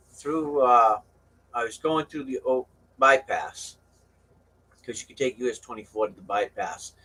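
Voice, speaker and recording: A man's voice: mid-range voice, sharp tone, husky. An older man on a talk show, telling a rambling story with frequent laughs. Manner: rambling, laughs often, acts out voices in quotes. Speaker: show guest telling stories. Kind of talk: casual storytelling. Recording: voice a bit far from the mic.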